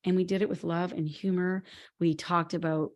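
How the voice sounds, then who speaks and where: A woman co-hosting a podcast in relaxed conversation. Her voice sits a little low. She tells her stories in an animated way and laughs easily as she talks. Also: moderate pace, lo-fi sound. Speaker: podcast co-host. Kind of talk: casual conversation.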